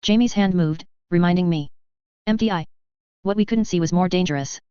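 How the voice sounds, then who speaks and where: An audiobook narrator reads a novel in the first person with a steady, tense storytelling delivery. Her very clear voice sits a bit low and moves briskly. The recording is close and dry with no echo, and its top end sounds slightly dull and muffled.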